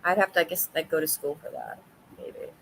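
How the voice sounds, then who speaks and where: A woman hosting a casual livestream chat with viewers, talkative and quick to laugh, often restarting her sentences. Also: low voice, huge pitch swings, creaky, a bit bright, slight background noise, low-quality recording. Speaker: livestream host.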